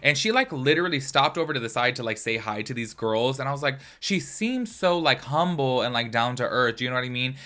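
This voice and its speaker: Bright, fast-talking chatty man. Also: medium pitch, animated. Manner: chatty, rambling, lots of fillers like "like" and "do you know what I mean". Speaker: commentary YouTuber. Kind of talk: casual commentary to camera.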